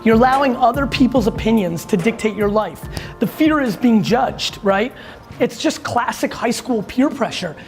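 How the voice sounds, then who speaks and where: A man's voice: extremely high pitch, animated, normal speed, faint music behind. Blunt, profane motivational man. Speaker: entrepreneur vlogger and conference speaker. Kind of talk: casual vlog talk and motivational speech.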